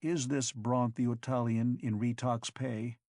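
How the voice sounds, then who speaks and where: A man doing a low, resolute giant hero. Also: little pitch movement, unhurried, darkish tone, no room sound, clean studio sound, natural voice. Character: big silent determined male hero.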